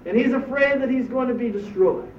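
High-voiced preacher in an echoey church. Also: male voice, brisk, a little hiss or hum. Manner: emphatic preaching with rhetorical questions. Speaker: pastor. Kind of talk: sermon. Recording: echoey distant dull church recording.

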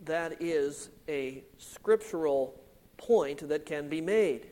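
A man preaching a sermon, slow and deliberate, stressing key words and letting phrase ends fall quiet. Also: sits high. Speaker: pastor.

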